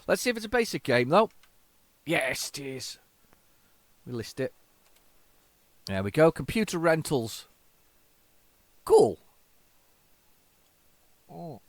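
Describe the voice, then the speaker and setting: A man hosting a casual retro-computing video, chatting in an excitable, rambling and self-mocking way. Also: a little high, slow, pauses often, no echo. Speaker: host.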